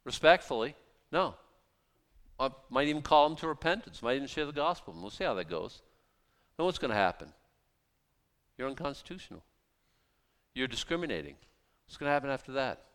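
A man's voice: medium pitch, very animated, fairly quick, a bit bright. A middle-aged man, a pastor preaching a sermon in a conversational way, asking rhetorical questions and acting out quoted voices.

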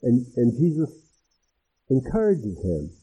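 Animated man preaching, husky and tinny. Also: medium pitch, slow. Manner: animated, acts out voices of the people in the text. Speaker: pastor. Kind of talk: expository sermon. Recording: tinny phone-like sound.

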